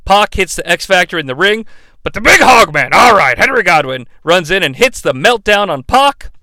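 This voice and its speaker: A man's voice: high voice, sing-song, moderate pace, pushed and bright, no echo. A man hosting a comedic wrestling recap podcast, sarcastic and profane. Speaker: podcast host.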